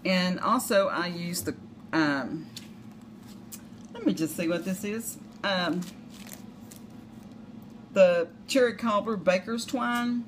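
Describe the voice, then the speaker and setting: A woman with a Southern US accent, chatting through a crafting tutorial with rambling, self-deprecating asides. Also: lowish voice. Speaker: craft demonstrator. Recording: noisy home recording.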